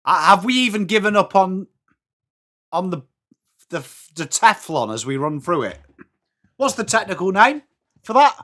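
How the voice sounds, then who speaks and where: An English man hosting a live football watchalong stream, chatty and upbeat, greeting viewers by name, his voice starting to go a little hoarse. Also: sits high, sing-song, moderate pace, pauses often, fairly bright tone. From England. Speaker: livestream watchalong host. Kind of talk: live chat reacting to football.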